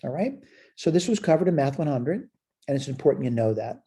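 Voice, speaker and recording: A man's voice: mid-range voice, animated, a little fast, mellow, slightly rough. A man teaching a recorded college math lecture. He asks questions and answers them himself, and he repeats short phrases as he points things out on the board.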